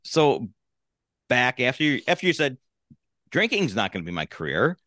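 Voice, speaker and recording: An older male co-host from Wisconsin speaks in a wry, laid-back way. His pitch swings very widely. The recording sounds dry and close, with no room echo. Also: big pitch swings, moderate pace, sharp tone. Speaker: podcast co-host. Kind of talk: casual podcast conversation.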